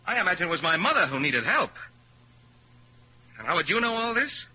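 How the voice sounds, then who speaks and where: A man's voice: high voice, very animated, fairly quick, pushed and bright, husky, exaggerated voice. A man playing a bitter young pianist in a 1950s radio drama, talking with scorn and sarcasm. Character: bitter young male pianist rejecting his career. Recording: lo-fi old radio recording.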